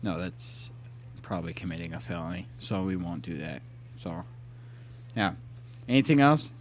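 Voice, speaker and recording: Loud joking man on a podcast. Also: sits low, lively intonation, moderate pace, a little hiss or hum. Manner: loud, joking, profane banter. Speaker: podcast co-host. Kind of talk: casual chat.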